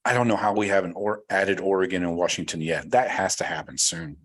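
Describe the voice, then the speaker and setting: A man's voice: sits low, brisk, a bit bright. A man hosting a casual livestream, reading live chat comments aloud and rambling about them with loose, swearing banter.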